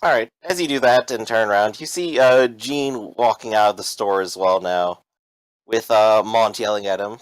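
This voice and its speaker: A man running a tabletop role-playing game as game master, narrating in a relaxed way with many fillers. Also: lowish voice, moderate pace, no room sound, rough recording.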